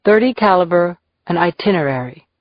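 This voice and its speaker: A woman reading a crime novel aloud in measured, even audiobook narration, in a dull, dry lo-fi recording. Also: lowish voice, no echo.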